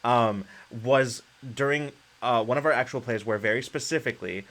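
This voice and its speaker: A man's voice: medium pitch, moderate pace, a bit bright. A man hosting a casual chat, telling a story with lots of restarts and fillers. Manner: rambling, many fillers and restarts. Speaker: podcast host.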